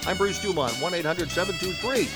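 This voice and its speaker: A man hosting a call-in radio show, taking callers briskly and in a friendly way. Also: high voice, animated, loud music behind the voice.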